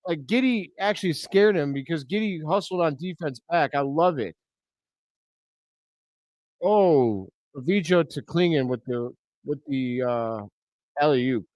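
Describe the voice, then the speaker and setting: A man hosting a live reaction stream, giving blunt, excitable play-by-play commentary with loud outbursts. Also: a little high, measured pace, dry recording. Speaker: host of a fan reaction stream.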